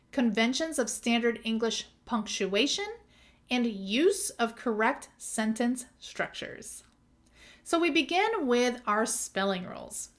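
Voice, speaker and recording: A woman's voice: fairly high pitch, fairly bright tone. A woman teaching as an exam tutor in a methodical lesson, spelling out words letter by letter. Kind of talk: scripted lesson.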